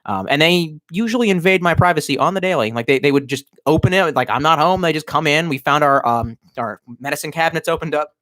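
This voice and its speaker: A man's voice: a little high, fast talker, hardly any pauses, fairly bright tone, no echo, studio quality. A man in his thirties, a bit drunk, ranting on a livestream from his cramped bedroom in a rambling, profane, sardonic way. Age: 30s. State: tipsy. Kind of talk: casual livestream rant.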